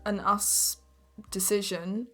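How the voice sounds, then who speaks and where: An English woman with a mid-pitched voice answers questions as a guest on a live stream. She talks in a giggly, rambling, easygoing way into a shared mic, with soft music faintly behind her. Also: flat delivery, takes it slowly. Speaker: guest voice actor. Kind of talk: casual live-stream chat. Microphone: one mic shared with the host.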